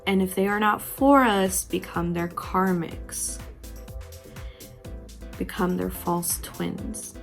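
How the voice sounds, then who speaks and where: A woman's voice: lowish voice, steady tone, slow, gravelly, pauses often, faint music behind. A woman giving a tarot reading, talking frankly and intimately to the viewer, with casual swearing. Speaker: tarot reader.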